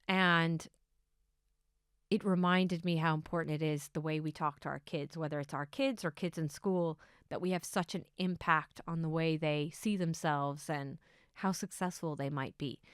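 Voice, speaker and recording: A middle-aged woman hosting her own podcast, telling a story in a casual, excitable way that swings between hushed asides and bursts of enthusiasm. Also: low-pitched, normal speed, smooth, dry recording, clean studio sound. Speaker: podcast host.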